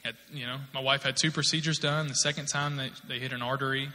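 Man, 30s, preacher, bright forceful tone, storytelling sermon, reverberant hall. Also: medium pitch, fairly even intonation, fast. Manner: conversational storytelling, rising to emphatic exhortation. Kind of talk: sermon with personal testimony.

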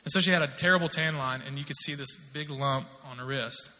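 A man's voice: mid-range voice, a little fast, bright, forceful tone. A man in his thirties preaching a sermon, telling a personal testimony in a conversational way that builds to emphatic exhortation. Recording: long hall reverb.

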